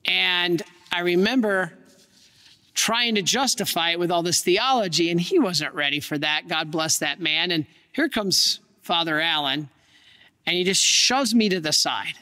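Earnest priest preaching in a reverberant hall. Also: male voice, sits high, animated, bright, forceful tone. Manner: earnest, dramatic storytelling with pauses. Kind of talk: sermon storytelling.

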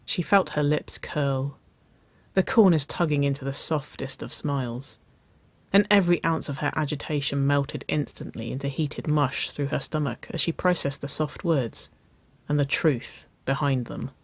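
Soft-spoken audiobook narrator. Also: mid-range voice, moderate pace, no echo. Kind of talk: audiobook reading of fan fiction.

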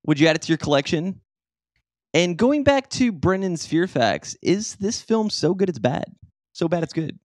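A man's voice: sits high, sing-song, moderate pace, a little mellow, no room sound, clean studio sound. A man hosting a podcast, joking around while steering the discussion. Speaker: podcast host. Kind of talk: casual chat.

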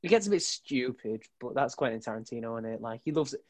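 A man's voice: mid-range voice, expressive, fast talker, no echo. A man on a podcast panel, laid-back and rambling in casual chat, swearing now and then.

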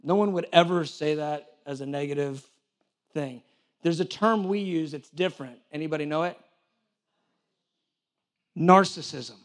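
A man with a high-pitched voice delivers a sermon. He talks casually and acts out imagined back-and-forth conversations. He often stumbles and restarts his sentences as he goes. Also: moderate pace. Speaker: church director preaching.

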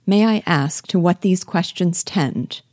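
A proud, reserved gentleman, as a woman reads him, grave and cool in his replies. The voice is low and warm, the sound dry. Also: unhurried, no echo, lightly acted.

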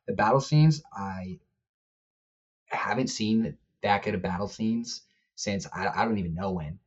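A man's voice: lowish voice, measured pace, breathy edge, dull audio. A man who is a guest on a movie podcast, talking in a rambling way with crude jokes. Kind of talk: casual movie chat.

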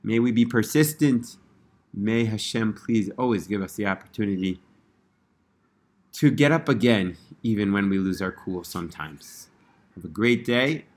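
A man telling a religious story in a casual, earnest way, rising in pitch when he quotes the people in it. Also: normal speed. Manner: earnest, animated when quoting characters.

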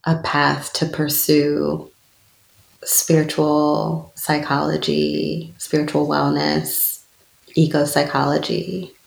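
A woman in her thirties speaks low and earnest, her voice heavily gravelly with fry. The sound is roomy and echoey around her as she tells a personal story in an interview. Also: little pitch movement, slow pace. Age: 30s. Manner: earnest, personal, with soft laughs. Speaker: guest, spiritual speaker. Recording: echoey room.

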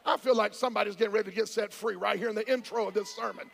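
A man preaching a charismatic sermon, shouting and calling on the congregation to answer back. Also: sits high, fairly even intonation, very fast, gravelly, few pauses. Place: church sanctuary. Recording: church hall with long reverb.

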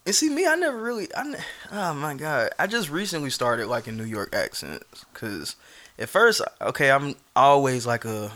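A man's voice: mid-range voice, big pitch swings, moderate pace, pushed and bright. A young man co-hosting a podcast, teasing and playful, jumping in with questions. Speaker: podcast co-host. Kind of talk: casual chat.

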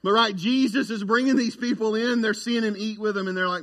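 A man's voice: high voice, steady tone, fairly quick, a bit bright. A man preaching a casual, folksy sermon as a pastor, often asking "right?" and addressing the crowd as y'all.

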